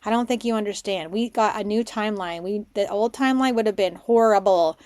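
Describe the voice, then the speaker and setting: Woman, spiritual podcast host, excitable rambling storyteller, dry close recording. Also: medium pitch, a little fast, no room sound. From Canada. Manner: excitable storytelling, drops to a hushed voice for her own thoughts. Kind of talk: casual monologue podcast.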